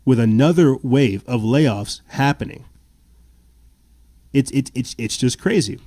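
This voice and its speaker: Man, podcast host, news readings with sarcastic asides, indignant, stammering restarts, warm low tone, dry close sound. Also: a little slow, dry recording. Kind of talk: political commentary podcast, reading news aloud.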